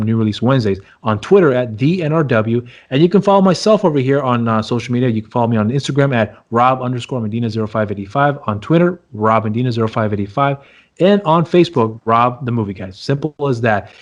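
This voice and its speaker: A man's voice: mid-range voice, lively intonation, quick pace, dull audio. A man co-hosting a laid-back movie review podcast. He talks in a loose, rambling way and circles back over his own points. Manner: rambling, repeats himself, plugs socials. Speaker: podcast co-host. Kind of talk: casual movie review chat.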